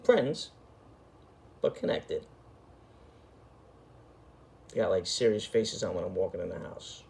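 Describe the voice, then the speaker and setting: A man's voice: low voice, slow, vocal fry, a little mellow. New guy, middle-aged, telling a story, swears constantly, talks street. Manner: profane, emphatic, street-talking. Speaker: storyteller host. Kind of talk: casual storytelling.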